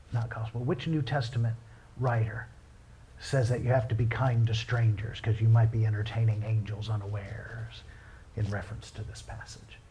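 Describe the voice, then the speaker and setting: A man's voice: fairly low pitch, a little hiss or hum. Man preaching with folksy fervor. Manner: builds from calm teaching to loud, impassioned pleading with hushed whispered asides. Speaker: pastor. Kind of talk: sermon.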